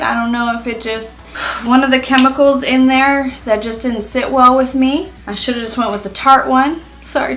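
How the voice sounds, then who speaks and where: A woman's voice: a little high, pushed and bright, rough recording. A young woman chatting casually in a beauty review vlog, full of "like" fillers. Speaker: beauty vlogger.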